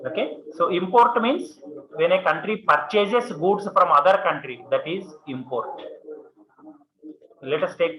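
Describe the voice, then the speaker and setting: A man with an Indian English accent lecturing a classroom on commerce, repeating points and checking in with "okay" and "see". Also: a little high. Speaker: commerce teacher. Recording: muffled classroom recording with students.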